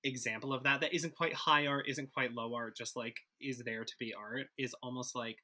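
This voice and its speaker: A man's voice: medium pitch, steady tone, moderate pace, sharp tone. A man in a casual podcast discussion, talking in a loose, rambling way with many likes and ums. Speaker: podcast cast member.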